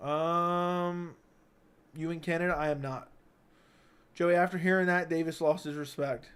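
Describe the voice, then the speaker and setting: A man hosts a casual livestream from his home setup, reading out chat messages. He jokes crudely and needles his viewers, his voice sitting a bit high for a man. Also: fairly even intonation, a little slow, fairly bright tone, clear, resonant tone. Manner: crude, joking, teasing chatters. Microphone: studio dynamic mic.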